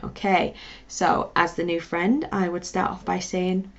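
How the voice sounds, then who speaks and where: A woman teacher leads a beginner lesson in an encouraging way, spelling words letter by letter and pausing for drills. Her voice has a gravelly edge. The recording is dull and lo-fi. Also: fairly low pitch, level tone. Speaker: language teacher. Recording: dull lo-fi sound.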